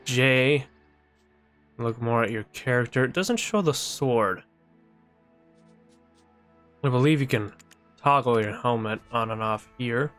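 A man's voice: medium pitch, slow pace, pauses often, a bit bright, soft background music. A man streaming a video game live, chatting casually and thinking aloud as he plays. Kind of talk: casual live-stream chat while gaming.

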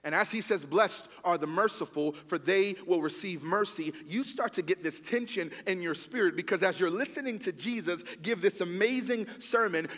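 A man preaching a sermon as pastor, casual and emphatic, talking straight to the congregation. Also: high voice. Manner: conversational preaching, lively and emphatic. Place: church hall. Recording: long hall reverb.

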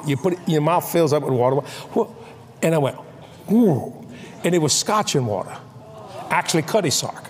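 An older man preaching a sermon, telling comic stories and acting out voices with shouts and laughs. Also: a little high, slight background noise. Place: large convention hall.

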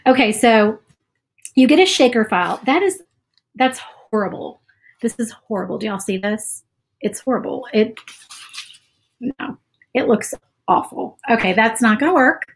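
A woman's voice: fairly high pitch, expressive, a little slow, long pauses, a little hiss or hum. A woman chatting casually while she paints on a livestream, self-doubting and saying "y'all" often. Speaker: craft livestream host.

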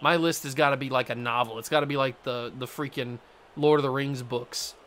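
A young man giving casual commentary while playing a baseball video game, excitable and repeating himself as he swings between groaning and cheering. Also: medium pitch, a little fast, slight background noise. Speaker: gaming YouTuber. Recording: game music underneath.

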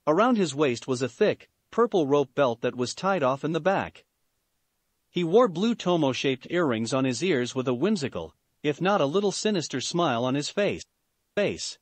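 A man reads a fan fiction story aloud in a plain, steady way. His voice is fairly high and moves around a lot, and the recording is dry and close. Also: moderate pace, no room sound. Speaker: narrator.

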